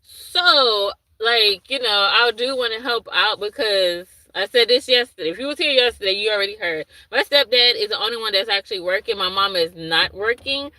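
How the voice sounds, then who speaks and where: A livestream host who has a young son casually reads and replies to chat comments aloud, rambling and losing track as she goes. Her medium-pitched voice is bright and forceful, at normal speed with few pauses, recorded with no room sound and rough quality.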